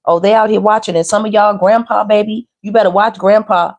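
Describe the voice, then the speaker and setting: A woman's voice: mid-range voice, fairly even intonation, a little fast, a little mellow, muffled recording. A woman giving a casual, teasing tarot reading straight to her viewers. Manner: chatty, teasing, talks straight to viewers with slang. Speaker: tarot reader.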